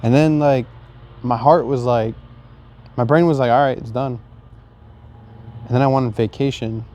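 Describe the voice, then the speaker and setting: A young man casually telling a heartbreak story, cursing a lot and acting out his own inner dialogue, joking even while sad. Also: medium pitch, normal speed, slight background noise. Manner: laughs and jokes while sad. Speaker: vlogger.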